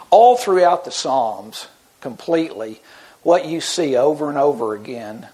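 A man's voice: medium pitch, darkish tone. A middle-aged man preaching a sermon in an earnest, conversational way, often restarting his sentences. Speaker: pastor.

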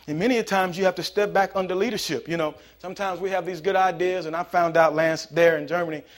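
A man, a pastor, preaching a conversational sermon that builds into loud, emphatic passages. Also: high-pitched, fairly even intonation, quick pace.

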